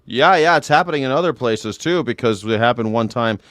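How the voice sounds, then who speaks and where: A man's voice: mid-range voice, expressive, a little fast, fairly bright tone, no echo, studio quality. A man hosting a live news reaction show, talking in a blunt, mocking, casual way and swearing freely.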